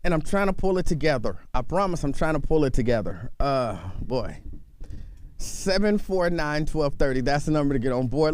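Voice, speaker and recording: A man hosts talk radio from a studio. His voice sits a bit higher than most men's and is close-miked and dry. He rambles casually and keeps dissolving into laughter between sentences. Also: dry recording. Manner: chatty, keeps breaking into laughter. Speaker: radio talk show host. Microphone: studio microphone.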